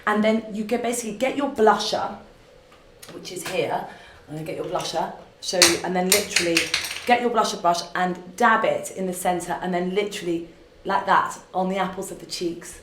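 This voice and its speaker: A woman's voice: lowish voice, slight background noise. A woman, gushing and effusive as she answers fan questions in a live makeup demonstration from an office. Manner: gushing and effusive, full of fillers and restarts. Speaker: beauty brand founder answering fan questions. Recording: roomy echo.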